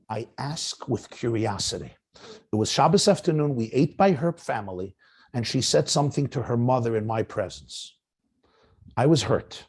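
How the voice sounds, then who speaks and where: A middle-aged man, a rabbi, lecturing young married men and acting out quoted spouses in an animated way. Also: mid-range voice, normal speed, husky. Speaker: rabbi giving marriage guidance.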